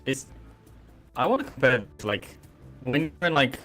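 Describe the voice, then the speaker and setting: A man chatting casually on a gaming stream, halting and searching for words with many ums. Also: mid-range voice, big pitch swings, sharp tone. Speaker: streamer testing a game mod. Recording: faint music behind.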